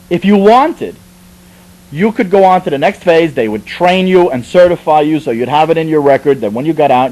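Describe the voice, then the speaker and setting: A man's voice: medium pitch, low-quality recording. A man from the Bronx, telling a comic story about his army training in a chatty way, full of asides and restarts. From the Bronx, New York. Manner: animated, conversational, with frequent asides and restarts.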